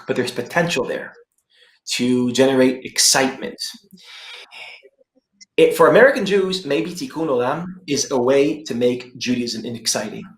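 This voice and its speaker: An Israeli man speaking on a conference panel, emphatic and lively, repeating his points for effect. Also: mid-range voice, echoey room, low-quality recording. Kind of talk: animated panel discussion. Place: room in Jerusalem.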